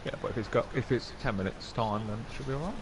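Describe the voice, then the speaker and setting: A man's voice: medium pitch, fast talker. A man commentating an online racing game, enthusiastic and playful as he talks up the drivers. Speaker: lead commentator. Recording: clear background noise.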